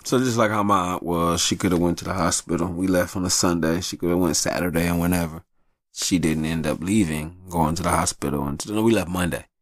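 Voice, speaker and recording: Deep gravelly guy just talking, profane storyteller, very dry mic. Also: fairly even intonation, fairly quick, dry recording. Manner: candid, profane, acts out voices in his stories. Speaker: podcast host. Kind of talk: casual storytelling monologue.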